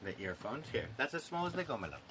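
A man hosting a casual interview podcast, talking gently and patiently with his small child. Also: mid-range voice, very animated, fast, heavy background noise. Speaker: podcast host and father.

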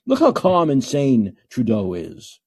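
A man's voice: mid-range voice, wildly swooping pitch, a little slow, vocal fry, a little mellow, breathy edge. A man hosting a call-in podcast, ranting emphatically and repeating himself for effect. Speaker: podcast host.

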